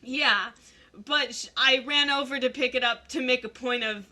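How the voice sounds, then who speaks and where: Podcast host: bright, slightly high young woman, animated storyteller. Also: moderate pace. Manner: animated storyteller, mimics voices in anecdotes. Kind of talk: casual chat.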